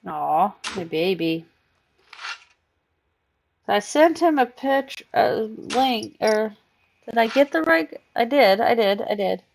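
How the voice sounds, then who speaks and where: A woman's voice: fairly high pitch, animated, unhurried, creaky, a little hiss or hum. A woman streaming a game live, chatting casually and cooing baby talk to her cat between comments on the game.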